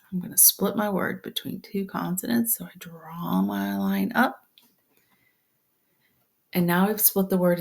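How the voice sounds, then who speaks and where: A woman teaching a phonics lesson step by step, patient and slow, often dropping to a whisper. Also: fairly low pitch, gravelly.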